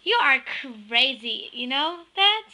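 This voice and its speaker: A female voice that sits high and very bright, clowning her way through a homemade comedy video. She giggles and drifts into silly sing-song bits, keeping everything goofy and unpolished. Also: animated, slow pace, low-quality recording. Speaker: home video maker. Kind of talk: playful homemade skit.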